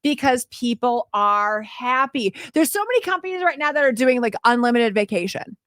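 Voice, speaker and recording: A woman co-hosting a radio show in casual banter, animated and chatty, laughing often. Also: sits high, normal speed, no room sound, clean studio sound.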